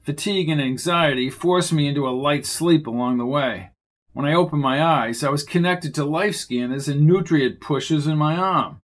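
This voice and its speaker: Man reading a wry first-person detective story. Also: on the high side. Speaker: audiobook narrator.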